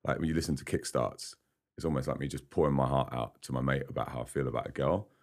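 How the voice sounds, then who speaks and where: A singer-songwriter guesting on a podcast chats casually with the interviewer in a studio, rambling and laughing often. His very deep voice has a darkish tone, and he talks fast.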